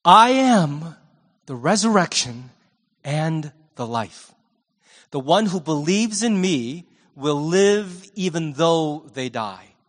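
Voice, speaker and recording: A man voicing a gentle, patient male teacher in a calm, soft, reassuring way. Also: a little high, in a large hall, pitched below the performer's own voice, exaggerated voice. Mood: solemn. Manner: soft, slow, tender.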